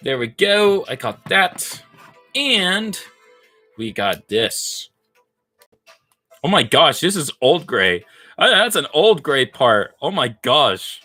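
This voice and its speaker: A playful man rambles through a casual livestream, thinking out loud and teasing himself as he goes. His voice is bright and a touch high, and he talks at an unhurried, drawn-out pace. Faint music plays behind him. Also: big pitch swings. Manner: playful, rambling, self-mocking, thinks aloud. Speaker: livestreamer building brick models.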